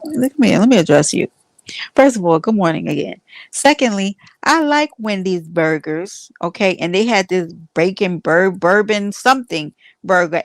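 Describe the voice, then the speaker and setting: The host of this casual livestream is a woman with a lowish, creaky voice recorded with no room sound. Full of fillers and false starts, she chats with viewers and playfully feigns outrage at them.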